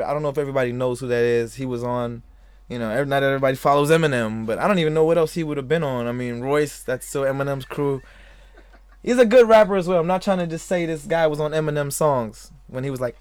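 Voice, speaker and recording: Talking to his live chatters, a slightly tipsy podcast host rambles and laughs a lot in a casual live-stream chat. His voice is on the high side, with no echo.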